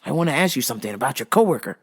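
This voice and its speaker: Brash older vet guy, crude and pushy, sing-song, loose and lively pitch, as a woman mimics him. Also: racing, husky, full character voice. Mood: pestering. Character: pushy older male veteran customer, crude joker.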